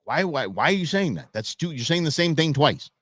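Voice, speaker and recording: A man's voice: fairly high pitch, big pitch swings, a little fast, fairly bright tone, no room sound. A man hosting a live show, ranting casually and sarcastically, often stammering and repeating words as he goes. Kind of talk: casual livestream rant.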